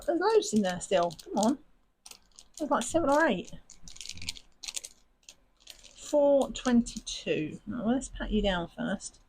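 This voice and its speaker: A woman's voice: fairly high pitch, very animated, moderate pace, darkish tone, slight background noise, poor audio. Chatty self-mocking woman. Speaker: crafting channel host. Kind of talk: casual chat while sorting craft supplies.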